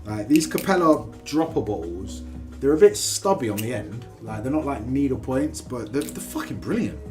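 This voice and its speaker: A man chatting casually during a live stream, and he gets excitable and swears freely as he goes. His voice sits at an ordinary middle pitch. Faint music plays softly in the background. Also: moderate pace. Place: home kitchen.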